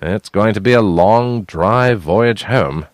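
A man voicing a wry, deadpan former navy sailor who speaks slowly and dryly. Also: deep voice, no echo, clean studio sound, exaggerated voice.

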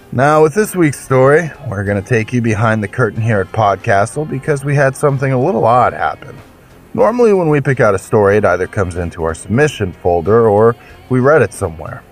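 Male podcast host, lowish voice, theatrical and jokey, faint music under him. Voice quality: theatrical, jokey, mock-grand self-introduction. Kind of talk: playful scripted intro with mock fantasy banter.

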